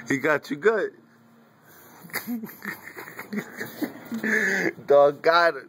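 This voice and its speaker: A man's voice: fairly high pitch, very animated, drawn-out words, long pauses, pushed and bright, slight background noise. A man filming his dog, chattering casually, laughing, teasing and cooing at the pet. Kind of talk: casual home video commentary.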